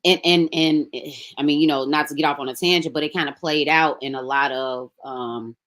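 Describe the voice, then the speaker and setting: Southern woman guest on a podcast, kinda low voice, chatty and easygoing. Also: brisk. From Memphis, Tennessee. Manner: relaxed, conversational, animated when quoting others. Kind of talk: casual storytelling interview.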